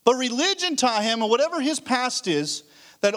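A pastor with an extremely high, expressive and fairly bright voice speaks at normal speed. His sermon is conversational, with stories told casually and frequent restarts.

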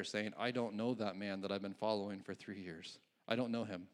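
A male pastor giving a conversational sermon, often restarting his phrases and chuckling at his own asides. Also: medium pitch.

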